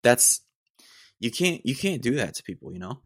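A man's voice: medium pitch, big pitch swings, moderate pace, breathy edge, dry recording, studio quality. An American man hosting a solo podcast, rambling and ranting in a mock-exasperated way with lots of digressions. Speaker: podcast host. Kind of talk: casual solo podcast rant.

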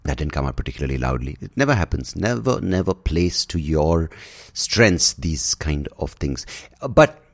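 A man's voice: a bass voice, moderate pace. A man hosting a show, delivering a sarcastic, profane, casual rant. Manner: sarcastic, profane, animated ranting. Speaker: podcast host. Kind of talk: casual ranting monologue.

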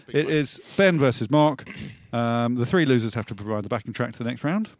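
A man's voice: medium pitch, a little fast. A man hosting a comedy music show, running a silly game with playful, laughing banter. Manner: playful, laughing, excitable quizmaster.

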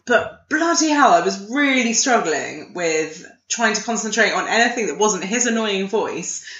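A woman's voice: mid-range voice, expressive, moderate pace, a bit bright. A woman chatting casually as a podcast co-host, laughing often and restarting her sentences. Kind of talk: casual chat. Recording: echoey room, slightly dull sound.

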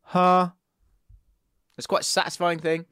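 A man's voice: a little high, animated, fairly quick, no echo, studio quality. A man hosting a casual podcast, chatty and laughing as he reads listener messages aloud. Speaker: podcast host.

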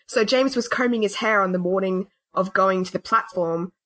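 A woman's voice: medium pitch, fairly bright tone. Chatty woman retelling story scenes. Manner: retells scenes with quick impressions of characters. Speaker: podcast co-host. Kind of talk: casual chat.

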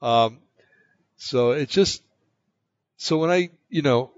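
Halting man telling a story, lo-fi. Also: medium pitch, dry recording. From United States. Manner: rambling, halting, many fillers and restarts. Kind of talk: casual personal anecdote. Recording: dull lo-fi, dry sound.

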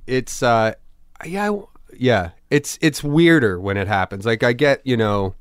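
A man's voice: mid-range voice, lively intonation, unhurried, clean tone, no room sound, studio quality. A man in his thirties from Philadelphia, a comedian guest telling family stories in a loose, rambling way, with casual swearing. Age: 30s. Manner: rambling, restarts sentences, swears casually, acts out relatives. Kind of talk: casual podcast conversation.

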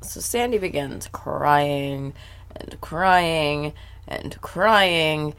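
A woman's voice: deep voice, extremely slow, fairly bright tone, clear, resonant tone. A woman co-hosting a podcast, recapping a cartoon episode in casual, sarcastic chat. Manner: sarcastic, laughs often, puts on voices for characters. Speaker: podcast co-host.

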